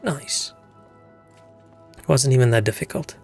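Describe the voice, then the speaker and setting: A young man with a gravelly edge rambles through a story between game moments, dropping swear words. His voice sits at an ordinary middle pitch, and soft game music plays underneath. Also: unhurried. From South Africa. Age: young adult. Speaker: game streamer. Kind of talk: casual chat while gaming.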